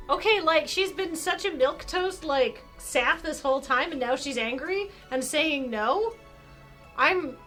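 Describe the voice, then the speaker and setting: A young woman doing live commentary on a game stream, excitable and quick to burst out loud. Her voice is high and bright, swinging widely in pitch. She swears freely as she reacts. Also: faint music behind.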